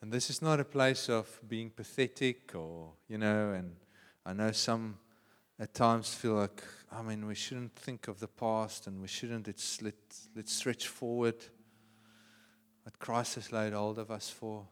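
A male pastor with a South African accent preaching a sermon, swinging from hushed, prayerful tones to loud, passionate cries. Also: on the low side, fairly even intonation, measured pace, smooth, long reverb tail.

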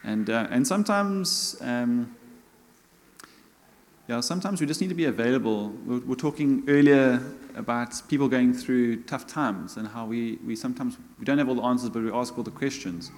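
A middle-aged man with a South African accent delivers a relaxed, chatty sermon, with a self-mocking humor. His voice sits at an ordinary pitch for a man. A long reverb trails after each phrase, as in a church hall. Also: normal speed. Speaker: church elder preaching.

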